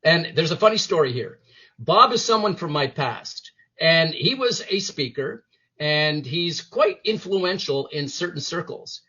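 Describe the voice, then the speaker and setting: A man's voice: on the high side, lively intonation, a little slow, pushed and bright, breathy edge, muffled recording. A man being interviewed as a guest, giving motivational talk and acting out the inner voices and quotes he describes. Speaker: interview guest, former police detective.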